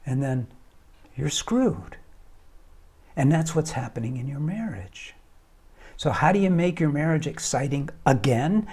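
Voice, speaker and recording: Impassioned man with a mellow voice. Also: high voice. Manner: impassioned, rhetorical questions, drops to whispers. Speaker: marriage counselor and foundation founder. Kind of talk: direct-to-camera advice talk.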